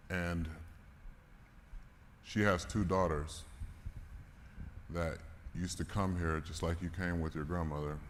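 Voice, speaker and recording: A man speaks slowly in a low, steady voice, leaving long pauses as he shares an emotional, candid story from a conference stage. The large hall is reverberant with faint noise, and he occasionally swears and laughs.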